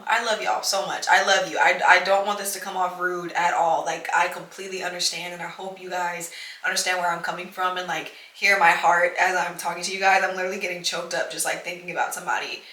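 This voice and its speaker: Young woman, podcast host, earnest and reassuring, bright voice, echoey room. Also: fairly low pitch. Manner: earnest, reassuring, fills speech with "like" and "you know". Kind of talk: casual heartfelt monologue.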